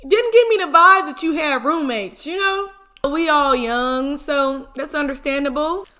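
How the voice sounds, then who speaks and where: Young woman in her 20s, high voice, doing an animated slangy storytime mukbang. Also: measured pace. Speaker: mukbang vlogger. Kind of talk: casual storytime while eating.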